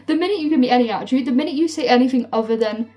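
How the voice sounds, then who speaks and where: A woman's voice: high-pitched, fast talker, muffled recording. Fired-up young woman ranting, swearing freely. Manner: swears freely, fills with "like", heated and animated. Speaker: storytime vlogger. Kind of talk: casual storytime rant. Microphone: phone. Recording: phone mic from a distance with faint music.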